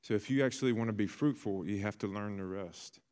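Low-voiced male pastor in a reverberant hall. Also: a little fast. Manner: storytelling, with bursts of excitement. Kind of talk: sermon.

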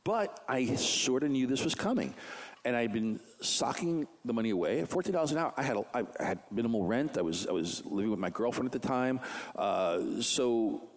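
A man casually telling a story about his own career, animated, often restarting sentences and acting out other people's lines. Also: a little fast. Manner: animated, acts out other people's lines with big pitch jumps; frequent restarts and stumbles. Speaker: comic book artist guest.

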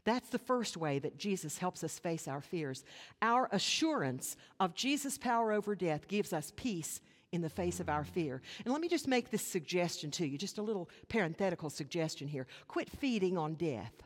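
A woman pastor delivering a sermon, earnest, with rhetorical questions and dramatic pauses. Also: lowish voice, sing-song. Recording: long hall reverb.

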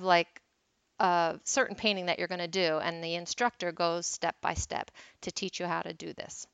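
A woman's voice: fairly low pitch, fairly bright tone, clear, resonant tone, no echo. Candid self-deprecating woman storyteller. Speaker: wellness teacher and host. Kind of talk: personal storytelling talk.

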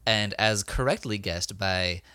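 Low-voiced man hosting a film podcast. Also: sharp tone, smooth, dry recording. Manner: brisk, runs the game. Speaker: podcast co-host and quizmaster. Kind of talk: casual podcast chat.

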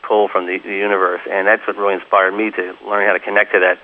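A man's voice: sits low, little pitch movement, fast talker, narrow, tinny audio. A man being interviewed as a guest musician, telling long rambling anecdotes full of "you know" and acting out the voices of people he quotes. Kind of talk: casual interview storytelling.

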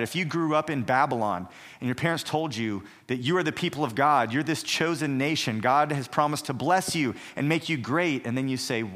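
A man's voice: medium pitch, fairly bright tone. A man teaching a recorded Bible survey lesson, explaining earnestly and asking rhetorical questions.

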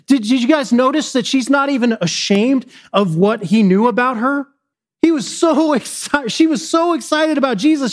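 A man preaching a sermon to his church in an animated style, with sudden high shouts and quick conversational asides. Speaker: pastor.

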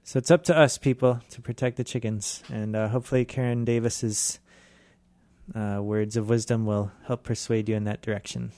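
A man hosting a community radio show, chatting in a laid-back, halting way with lots of fillers. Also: on the low side, fairly even intonation, dark tone, no room sound. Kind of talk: casual radio chat.

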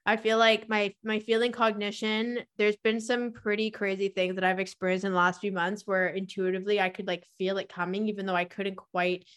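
A woman's voice: mid-range voice, flat delivery, fairly quick, few pauses, a bit bright, clean tone. A woman guest on a podcast, explaining her views in a fluid, enthusiastic, casual way. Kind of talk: casual interview chat.

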